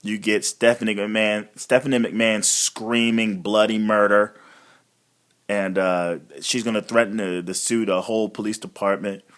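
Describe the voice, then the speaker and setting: A man's voice: on the low side, steady tone, normal speed, fairly bright tone. A man giving a casual, rambling recap of a wrestling show, blunt and swearing freely. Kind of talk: casual profane recap monologue.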